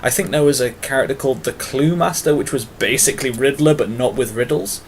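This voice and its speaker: A man's voice: mid-range voice, fairly quick, slight background noise. Rambling British man vlogging. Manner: rambling and long-winded, with many fillers; self-mocking asides. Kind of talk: casual tag-video monologue.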